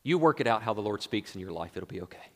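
A man preaching a sermon, swinging between loud exclamations and hushed, near-whispered lines. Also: on the low side, animated, fast talker, creaky. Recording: long hall reverb.

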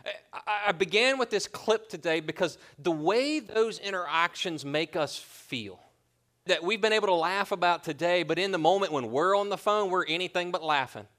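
A pastor preaching a sermon, earnest and conversational, dropping into casual asides to the congregation. His man's voice sits a little high. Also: expressive, moderate pace, a bit bright.

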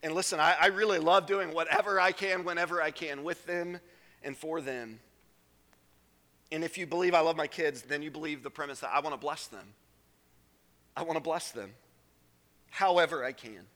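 A male pastor with a high, bright, forceful voice preaches an earnest sermon. He swings between hushed, low phrases and emphatic peaks. A long church-hall reverb trails each line. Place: church sanctuary.

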